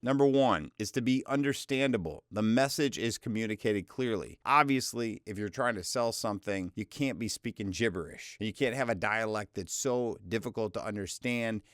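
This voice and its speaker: American male voiceover coach, low voice, dry close sound, punchy step-by-step delivery. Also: moderate pace, few pauses, no echo. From United States. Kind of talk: instructional walkthrough.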